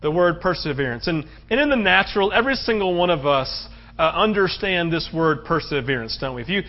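High-voiced guy preaching, chatty, keeps asking "right?", kinda muffled audio. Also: expressive, brisk. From United States. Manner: conversational, rhetorical questions. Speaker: pastor. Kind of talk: sermon. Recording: slightly muffled recording.

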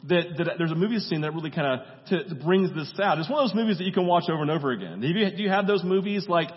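A man's voice: high voice, lively intonation. A man preaching a sermon in a conversational way, often checking in with "right?" and briefly acting out movie dialogue. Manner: acts out movie dialogue in quick voices. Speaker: pastor. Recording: dull sound with long hall reverb.

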